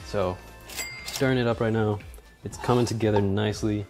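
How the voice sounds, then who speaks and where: A man's voice: on the low side, fairly even intonation, normal speed, faint music behind. Joking man narrating his cooking. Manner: joking, self-mocking, with loud startled outbursts. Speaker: cooking video host. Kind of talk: casual cooking vlog narration.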